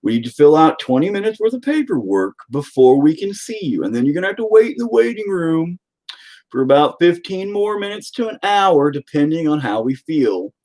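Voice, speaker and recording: A man putting on the voice of a condescending, unhurried hospital desk worker who talks in a slow, placating way. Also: on the high side, big pitch swings, darkish tone, pitched above the performer's own voice. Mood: patronizing.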